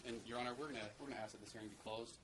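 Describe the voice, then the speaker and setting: Fast, flat-voiced man attorney. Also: medium pitch. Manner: urgent, repeats words when pressing a point. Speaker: attorney for the plaintiff. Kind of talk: courtroom argument. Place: courtroom. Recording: noisy courtroom recording.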